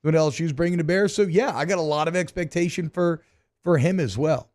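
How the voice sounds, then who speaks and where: A man co-hosting a sports radio show, quick and wry, mixing jokes with analysis. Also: fairly high pitch, darkish tone. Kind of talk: casual sports radio banter. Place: radio studio.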